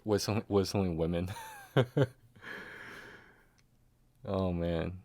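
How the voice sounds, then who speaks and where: A man's voice: sits low, steady tone, extremely slow, warm tone. A man streaming a game, chatting casually and often trailing off into muttered asides and chuckles. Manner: rambling, trailing off and muttering to himself. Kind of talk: casual live-stream commentary.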